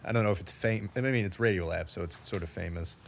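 With a deep voice and vocal fry, a Midwestern man talks fast while co-hosting a podcast, keeping it casual, laughing a lot, and correcting himself along the way. Slight background noise is audible.

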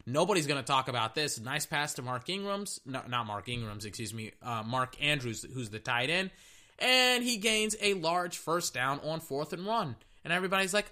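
A man giving casual, rambling play-by-play of a football game, excitable, often correcting himself and swearing casually. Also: on the high side, brisk. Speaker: sports commentator. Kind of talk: casual play-by-play commentary while watching a game.

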